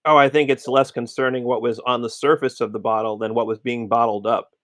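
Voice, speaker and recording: A man's voice: mid-range voice, flat delivery, brisk, a bit bright, no room sound, studio quality. A man as a guest commentator, talking emphatically and often repeating himself. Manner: emphatic, repeats "again" and "you know". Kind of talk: conversational analysis.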